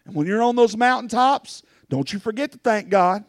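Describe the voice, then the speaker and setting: A man's voice: high voice, expressive, moderate pace, no room sound, clean studio sound. A man preaching a sermon as pastor, telling personal stories earnestly and rising into fervent pleading.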